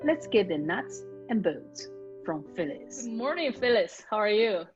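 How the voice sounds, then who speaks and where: A woman hosting a conversational lesson on speaking, who reads aloud slowly and with emphasis. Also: mid-range voice, sing-song, muffled recording, over music. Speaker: host.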